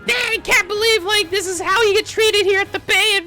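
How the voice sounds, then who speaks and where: A woman's voice: mid-range voice, animated, normal speed, soft background music, close to an everyday voice. A man mimicking an outraged adult woman customer who shrieks her complaints. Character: shrill indignant adult woman customer, furious.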